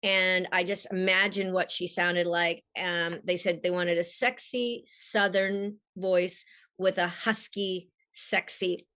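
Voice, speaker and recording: A woman from Australia with a mid-Atlantic accent and a husky voice, an animated storyteller who laughs often, chatting as a guest on a video call. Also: lowish voice, slow. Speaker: guest voice actress. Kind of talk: casual interview.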